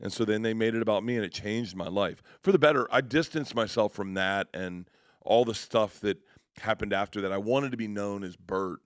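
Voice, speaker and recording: A comedian telling rambling anecdotes in a radio interview, acting out other people's voices and laughing along. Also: male voice, on the low side, normal speed, no echo, studio quality. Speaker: comedian guest.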